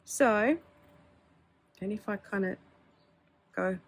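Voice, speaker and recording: Showing off her pens, a woman vlogger talks casually and candidly, sprinkling in filler words and little laughs. She speaks slowly in a mid-range voice.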